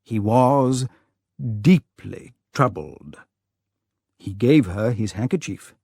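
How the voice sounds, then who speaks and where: Slow, expressive male storybook narrator. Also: on the low side, creaky, dry recording, clean studio sound. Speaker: audiobook narrator. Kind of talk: scripted narration for language learners.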